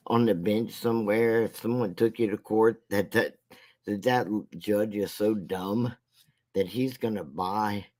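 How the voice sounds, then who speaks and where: A man with a fairly low voice talks very slowly through a casual commentary rant. He rambles and mocks, stopping and restarting his sentences as he goes. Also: darkish tone. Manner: slow, rambling and mocking, with halting restarts. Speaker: commentary vlogger.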